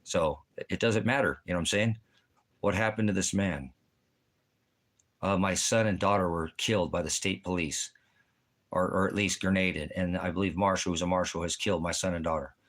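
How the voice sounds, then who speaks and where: Man, lowish voice, angry profane rant, rambling, repetitive, agitated, heavy swearing. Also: moderate pace, a bit bright. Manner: crude and swearing heavily. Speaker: vlogger. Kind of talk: profane ranting monologue.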